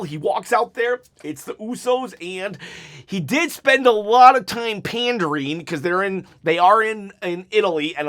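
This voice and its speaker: A man casually recapping a wrestling show in a one-take vlog, animated and rambling, with asides where he acts out the wrestlers' lines. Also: sits high. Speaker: wrestling commentary youtuber.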